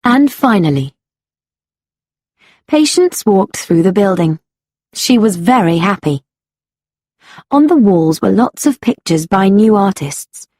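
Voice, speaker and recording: Slow, breathy woman narrating a story. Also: medium pitch, sing-song, darkish tone, no room sound, clean studio sound. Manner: slow, clear, measured. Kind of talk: storybook reading for learners.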